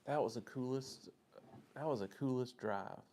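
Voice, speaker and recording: Gravelly Southern man chatting with viewers. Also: medium pitch, normal speed, a little mellow. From Southern United States. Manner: rambling, friendly, answers chat comments by name. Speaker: live-stream host. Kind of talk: casual live-stream chat with viewers.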